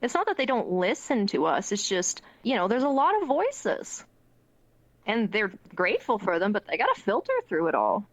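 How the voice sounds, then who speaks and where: A woman's voice: mid-range voice, huge pitch swings, normal speed, no room sound. Playful chatty woman guest. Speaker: guest, voice actress. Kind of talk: casual interview chat.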